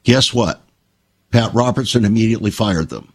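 An older man telling stories and reflecting in an emphatic, measured conversational way. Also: fairly low pitch.

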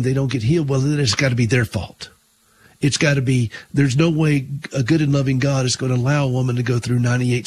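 Husky earnest radio host, middle-aged man. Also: medium pitch, darkish tone. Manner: earnest, storytelling, repeats words when emphatic. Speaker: radio talk show host. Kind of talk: Christian radio monologue.

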